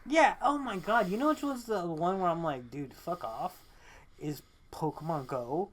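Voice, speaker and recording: A man's voice: sits high, normal speed, a bit bright. A young man co-hosting a podcast, in a casual chat. He rambles, swears often and breaks into laughter. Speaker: podcast co-host.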